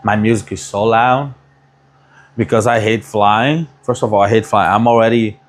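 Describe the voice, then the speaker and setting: Foreign-accented barber chatting loosely. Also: male voice, lowish voice, steady tone, normal speed. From abroad, not born in the US. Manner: loose, broken phrasing, calls others bro. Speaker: barber, streamer. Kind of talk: casual chat.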